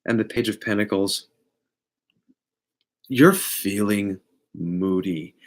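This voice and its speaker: A man giving a casual live tarot reading, blunt and profane, with big swings in pitch and loudness. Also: slow. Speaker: tarot reader.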